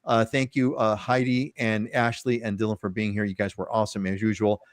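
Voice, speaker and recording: An enthusiastic male host with a fairly low voice, chatting on a live real estate show. He often restarts his sentences and repeats words. The recording is dry and close, with no room sound. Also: level tone, fairly quick, no room sound.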